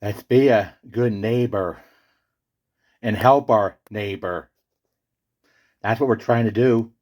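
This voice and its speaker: A man's voice: on the low side, slow, a little mellow. A man voicing a fussy, pedantic male character who keeps correcting others in a comedy skit. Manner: correcting, know-it-all.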